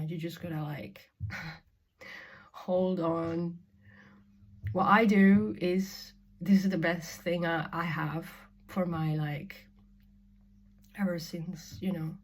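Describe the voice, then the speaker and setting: A young woman from Spain talking frankly to camera in a casual vlog, swearing freely and dropping to whispers. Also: lowish voice. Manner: frank and sweary, laughing often, swinging from loud to whispered. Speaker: spiritual vlogger. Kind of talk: candid casual monologue.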